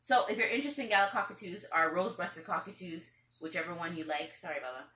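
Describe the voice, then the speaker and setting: A woman's voice: on the low side, fast, pushed and bright, roomy sound. A woman parrot owner telling a long story to the camera at home, chatty and rambling, sometimes acting out what others said. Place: room at home with pet birds.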